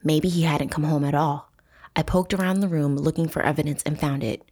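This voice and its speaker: A woman hosting a true crime podcast, reading book passages aloud with profane asides and dramatic shouting. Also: deep voice, steady tone, a little fast, breathy edge. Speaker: podcast host.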